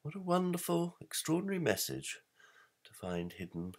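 A man's voice: on the high side, very animated, normal speed. A man giving an explanatory talk, emphatic, posing rhetorical questions and reading verse aloud. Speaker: presenter.

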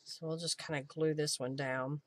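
A woman's voice: deep voice, steady tone, normal speed, a little hiss or hum. A woman hosting a live crafting stream, chatting casually as she thinks aloud while she works and thanks her viewers. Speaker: craft journaling host.

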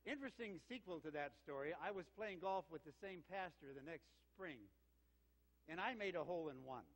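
An older man preaching as interim senior pastor. He tells his stories with lively back-and-forth, in a voice that sits a little high for a man. The sound carries a long reverb from the church sanctuary. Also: a little fast. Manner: warm storytelling with lively quoted exchanges. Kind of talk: sermon with anecdote.

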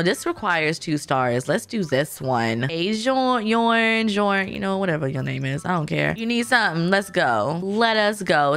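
A woman's voice: medium pitch, a bit bright, smooth. A woman casually commenting as she plays a life-sim game, chatty and teasing as she talks to the characters on screen. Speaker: gaming YouTuber. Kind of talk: casual let's-play commentary.

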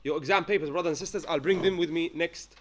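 High-voiced man teaching a class. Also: quick pace, fairly bright tone. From London-based. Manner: quizzing the class with frequent "yes?" checks, mixing in Arabic phrases. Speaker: tajweed teacher. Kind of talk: classroom lesson.

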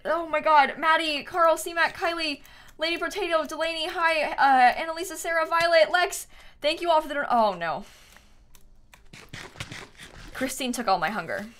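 A young woman streams a game live, reading out donations and reacting excitably, swinging between shrieks and low mutters. She talks at a moderate pace with frequent pauses.

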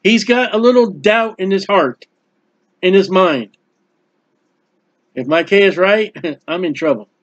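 Animated man preaching, lo-fi recording. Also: high-pitched, a little slow, long pauses. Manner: animated, acts out biblical characters, quotes scripture. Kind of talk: expository Bible sermon. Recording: dull lo-fi recording.

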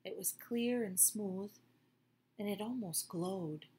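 A woman reading a children's book aloud in a gentle, expressive way. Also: mid-range voice, slow pace, slight background noise. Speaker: storyteller.

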